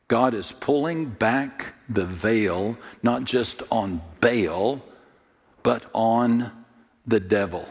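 A man's voice: on the low side, very slow, husky, long reverb tail. A man preaching a sermon, telling the story dramatically, with jokes and direct appeals to his listeners. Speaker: pastor.

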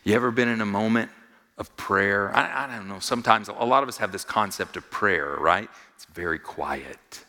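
A man preaching a sermon to a congregation. He repeats phrases for emphasis, asks his listeners questions, and swings from quiet, low asides to loud, high-pitched exhortation. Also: moderate pace, in a large hall. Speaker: pastor.

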